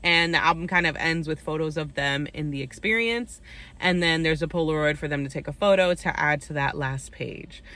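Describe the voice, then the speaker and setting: Bright chatty young woman recapping reality TV. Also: sits low, moderate pace. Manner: chatty, full of "like" and "um" fillers; opinionated storytelling. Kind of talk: casual recap chat.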